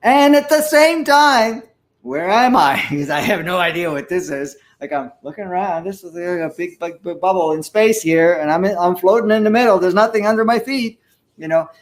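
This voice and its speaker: A man in his sixties, an interview guest telling a personal story in an earnest, animated way with the odd chuckle. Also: high-pitched, fairly quick. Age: 60s. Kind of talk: conversational storytelling.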